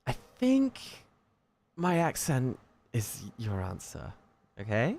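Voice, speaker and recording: A man's voice: mid-range voice, wildly swooping pitch, slow, creaky, darkish tone. A man with a British accent chatting casually with his live-stream viewers in a playful, teasing way, swearing and laughing often. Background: faint lo-fi music.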